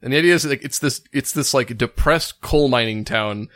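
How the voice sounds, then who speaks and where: A man's voice: mid-range voice, moderate pace, fairly bright tone, no room sound. Rambling man, filler-heavy casual chat. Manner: rambling, packed with "like" fillers and restarts. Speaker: podcast co-host.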